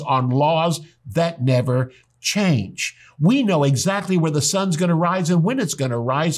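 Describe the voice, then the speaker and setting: A pastor preaching a sermon, telling stories and acting out the people in them. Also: male voice, on the high side. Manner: storytelling preacher, acts out quoted people. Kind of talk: sermon teaching.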